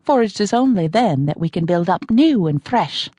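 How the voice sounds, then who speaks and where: A woman's voice: on the low side, expressive, moderate pace, mellow, no echo, voice pushed up. A woman voicing a cheerful, fearless female fitness guru with a lilting Irish accent. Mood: coaxing. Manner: lilting, coaxing.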